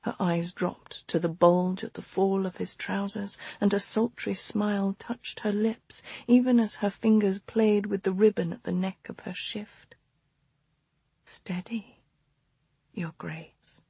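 A woman reading a book aloud as a narrator, in a hushed delivery that often drops into whispers. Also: medium pitch, vocal fry, slightly rough, no echo. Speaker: audiobook narrator. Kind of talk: scripted narration.

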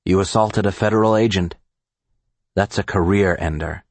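A man's voice: deep voice, moderate pace, darkish tone, dry recording. A male audiobook narrator voicing a tense, cornered federal agent who speaks in a defiant, clipped way.

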